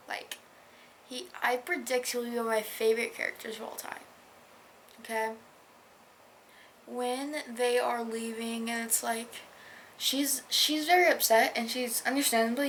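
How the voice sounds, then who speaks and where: Slow-talking, gushing woman book vlogger. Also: fairly high pitch, steady tone, a little hiss or hum, low-quality recording. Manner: gushing and enthusiastic, with soft whispered asides. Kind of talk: casual reading-reaction chat.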